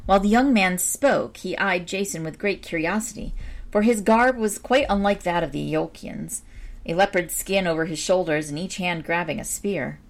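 Gravelly, low-voiced woman reading a story. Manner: measured, expressive reading. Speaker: narrator.

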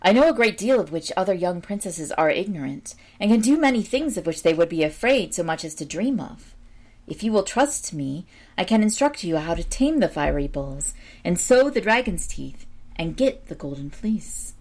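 A woman's voice: fairly low pitch, sing-song, normal speed, a little mellow. A woman voicing a young princess who is a confident, knowing enchantress, in a storybook reading.

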